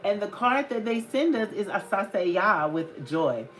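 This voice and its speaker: An unhurried host speaking to viewers in a chatty, loose way during a casual live-stream card reading. The voice sits in a roomy, echoing space with clear music playing behind it. Its pitch is middling. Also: sing-song, fairly bright tone. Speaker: livestream host giving spiritual card readings. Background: clear background music.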